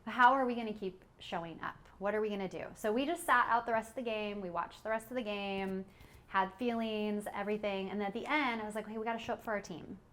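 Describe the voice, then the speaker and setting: A woman's voice: mid-range voice, brisk, fairly bright tone. A woman co-hosting a parenting podcast, talking casually with many fillers and frequent laughs. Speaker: podcast co-host.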